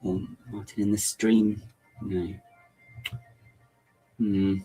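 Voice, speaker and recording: A man with a low, husky voice chats away on a casual livestream, muttering to himself and tossing in playful made-up words. His throat keeps bothering him, and faint music plays behind. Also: little pitch movement, drawn-out words, mellow. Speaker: LEGO builder livestreaming to chat. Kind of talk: casual livestream chat while building.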